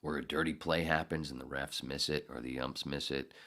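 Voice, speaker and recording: A man with an extremely deep, low voice tells a story on his own podcast. He talks in a loose, profane way, full of sarcasm and loud outbursts where he acts out what was said. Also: fairly even intonation, fairly quick. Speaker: podcast host. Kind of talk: casual storytelling monologue.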